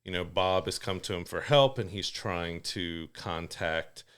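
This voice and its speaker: Low-voiced man chatting about a film. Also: unhurried, fairly bright tone, clear, resonant tone. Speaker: podcast co-host. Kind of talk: casual film review chat.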